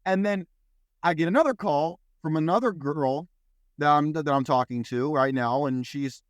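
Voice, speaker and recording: A young man hosting a podcast, telling a story in casual chat with loose swearing and quick impressions of other people. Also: on the high side, dry recording, clean studio sound. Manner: animated, swears freely, mimics others in quotes. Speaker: podcast host.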